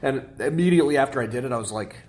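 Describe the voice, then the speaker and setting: A young man co-hosting a podcast, speaking plainly with halting restarts in casual chat. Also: medium pitch, darkish tone. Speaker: podcast co-host.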